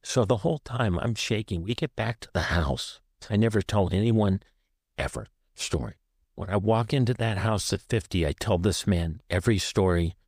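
A man's voice: fairly low pitch, normal speed, darkish tone, slightly rough, no echo, clean studio sound. A man from the American Southwest, an author guest on an interview show, recounting a painful personal story in short, vivid present-tense sentences.

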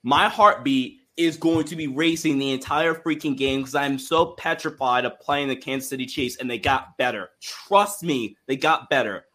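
A man co-hosting a casual sports talk show, excitable and rambling, often restarting his sentences. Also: a little high. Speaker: co-host.

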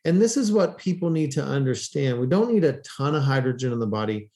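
A man's voice: medium pitch, very animated, brisk, mellow. A man speaking as a podcast guest, explaining with enthusiasm and acting out quoted people in raised voices. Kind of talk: animated storytelling in interview.

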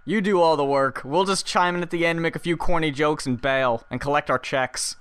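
A man's voice: fairly high pitch, brisk, fairly bright tone, clean tone. A man co-hosting a podcast, trading dry, wry remarks in casual chat. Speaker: podcast co-host.

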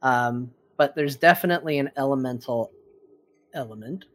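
A man narrates as game master of a tabletop role-playing game. He talks at a middle pitch and often pauses on ums and uhs while he describes the scene. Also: a bit bright. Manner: hesitant, filler-heavy narration.

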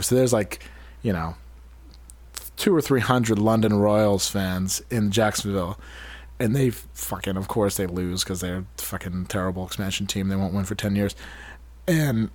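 A man's voice: lowish voice, a little mellow. Rambling, swearing podcast co-host man. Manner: rambling, swears freely, jokey. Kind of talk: casual chat.

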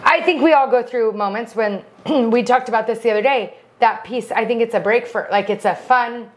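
A woman co-hosting a podcast, chatting and gossiping in an animated, storytelling way. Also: fairly high pitch, normal speed. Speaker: podcast co-host. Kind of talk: casual chat.

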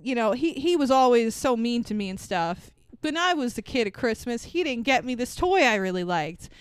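Woman podcast co-host, casual movie recap, smooth clear voice, dry close sound, swears and laughs. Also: a little high, sing-song, normal speed, dry recording. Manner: sweary, laughing, acts out characters' lines.

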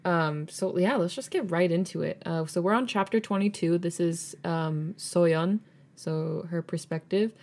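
A woman podcast host reading fan fiction aloud, chatty and relaxed, with small stumbles as she goes. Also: on the low side, measured pace.

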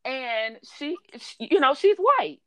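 A woman who works in mental health, telling animated stories in casual chat, laughing often and quoting people. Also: sits high, takes it slowly.

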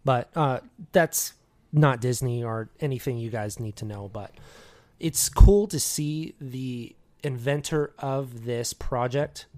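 A man's voice: mid-range voice, slow pace, a little mellow. A man co-hosting a podcast, rambling through opinions with jokey asides. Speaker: podcast co-host. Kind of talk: casual chat.

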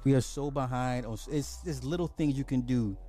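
A man's voice: mid-range voice, brisk, warm tone. A man hosting a podcast, delivering a profane, mocking rant of social commentary and apologizing as he goes. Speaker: podcast host.

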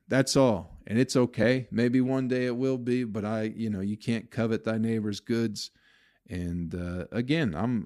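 A man's voice: on the low side, darkish tone, dry recording, studio quality. A man hosting his own podcast, venting in a profane, bitter, rambling way about the comedy business. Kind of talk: casual solo podcast rant.

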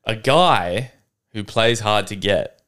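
A man, co-hosting a podcast in casual chat, animated and swearing freely. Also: on the low side, takes it slowly. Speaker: podcast co-host.

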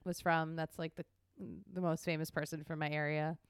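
A woman's voice: deep voice, little pitch movement, moderate pace, clear, resonant tone, no echo, clean studio sound. A woman co-hosting a podcast, a comedian chatting casually, playful and jokey with lots of laughs. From Montgomery County, Pennsylvania. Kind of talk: casual chat.

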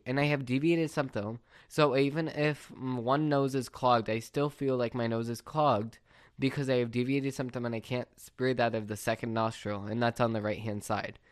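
A man's voice: medium pitch, clean tone, no echo. Exasperated young man ranting, dry sound. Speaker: podcast host. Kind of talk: casual podcast monologue.

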